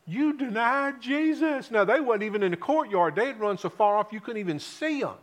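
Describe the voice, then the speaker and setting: A preacher with a notably high voice delivers a sermon. He keeps asking the congregation questions and lets his voice fall to a hush before rising again on the key points. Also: lively intonation, quick pace. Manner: dramatic swings from loud to hushed, rhetorical questions.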